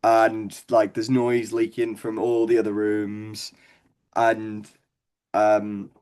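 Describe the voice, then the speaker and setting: A man's voice: lowish voice, monotone, slow pace, a little mellow, clear, resonant tone. A young man with a Scouse accent, a stand-up comedian guest telling rambling, sweary stories and laughing along. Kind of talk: casual storytelling chat.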